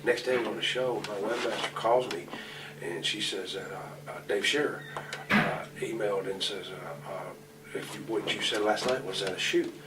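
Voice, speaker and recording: A man's voice: on the low side, normal speed. Blunt, profane man recorded from afar. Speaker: pro wrestler interview guest. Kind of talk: shoot interview storytelling. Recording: distant mic, noisy room ambience.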